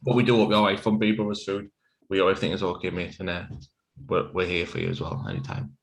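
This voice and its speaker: Guy bantering and laughing over beers, lowish voice, echoey room. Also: fast, gravelly. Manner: laughing, rambling, swearing banter. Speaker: podcast co-host. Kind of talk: casual chat over beers.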